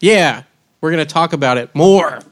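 A man's voice: on the high side, animated, normal speed. A man co-hosting a comedy podcast with blunt, crude banter. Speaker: podcast co-host. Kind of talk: casual comedy podcast chat.

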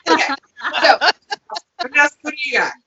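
A woman's voice: high voice, expressive, normal speed, sharp tone. A woman hosting a podcast over a video call, playful and laughing often. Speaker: podcast host. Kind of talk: casual podcast interview. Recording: roomy, dull lo-fi call audio.

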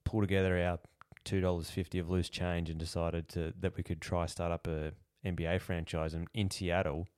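A man's voice: low-pitched, flat delivery, normal speed, a little mellow, clean tone, no room sound, clean studio sound. A man with an Australian accent co-hosting a casual podcast, laid-back and blunt, swearing casually. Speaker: podcast co-host. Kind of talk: casual chat.

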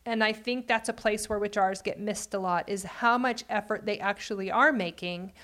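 A woman co-hosting a conversational podcast, explaining relationship patterns in an animated way with frequent laughs. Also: mid-range voice, moderate pace. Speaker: podcast co-host.

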